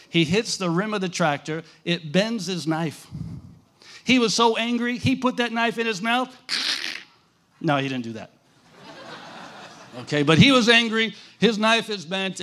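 A missionary with a high, slightly bright voice preaches through animated storytelling. He tells his audience a story with dramatic flair, often asking them questions.

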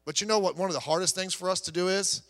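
A male pastor preaches in a high, bright, ringing voice. He pushes hard on key lines, then drops into a quiet, chatty tone. The sound carries the long echo of a church sanctuary. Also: fairly even intonation, quick pace. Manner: emphatic preaching that drops to soft storytelling. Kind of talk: sermon.

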